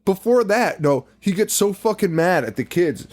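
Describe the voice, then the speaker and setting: A man co-hosting a podcast in casual chat, recapping a movie in an animated, profane way. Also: sits high, moderate pace. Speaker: podcast co-host.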